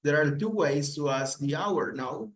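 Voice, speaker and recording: A man takes an English class through a grammar lesson. He speaks in an unhurried, drawn-out way and repeats every example sentence several times. His voice sits a little high for a man. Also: animated, poor audio. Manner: slow, repeats each example several times, switches between English and Spanish. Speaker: English teacher.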